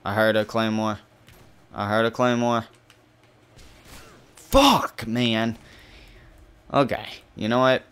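A man's voice: on the low side, measured pace, pauses often, clean tone. Swearing young man narrating gameplay. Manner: frustrated, swearing, swinging between calm and outbursts. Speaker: gaming channel host. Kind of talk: live gameplay commentary.

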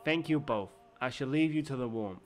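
A man's voice: medium pitch, moderate pace, natural voice. A man voicing a polite, reserved young hero who narrates a story game in mild, formal phrasing. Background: game music.

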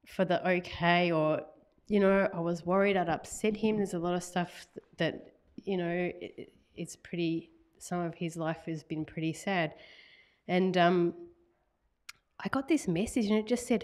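Author guest, woman, middle-aged, low voice, relaxed storytelling, acts out the quotes. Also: measured pace. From Australia. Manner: animated storyteller, laughs often, acts out quoted messages. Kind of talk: casual conversational interview.

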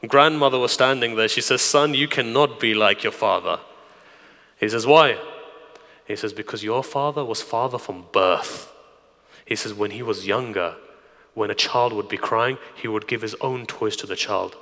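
Male preacher, bright tone, community-hall reverb; storytelling sermon, hushed to emphatic. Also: lowish voice, moderate pace. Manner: storytelling, swings from hushed near-whisper to raised emphatic. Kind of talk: Muharram night sermon.

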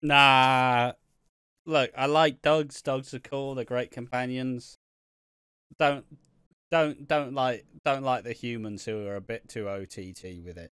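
A man's voice: mid-range voice, fairly even intonation, measured pace, clean tone, no room sound, clean studio sound. A man co-hosting a podcast, talking in a grumpy, blunt and sweary way in casual chat. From Britain. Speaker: podcast co-host.

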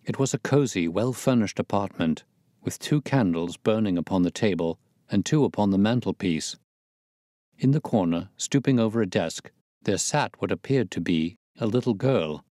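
A man reading a classic detective story aloud as scripted narration, steady and measured. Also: on the low side, dry recording, clean studio sound. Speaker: audiobook narrator.

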